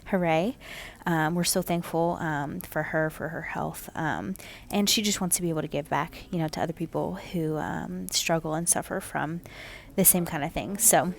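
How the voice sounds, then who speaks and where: A woman casually narrating her home haircut video, chatty and relaxed, with lots of "um"s and "kinda"s. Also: low voice, normal speed, vocal fry.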